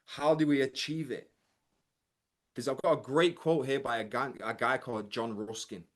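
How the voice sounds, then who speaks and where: Man, mindset coach, motivational live talk, emphatic, keeps checking in with listeners, mid-pitched voice. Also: fairly even intonation, normal speed. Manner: emphatic, keeps asking "right?" to the audience.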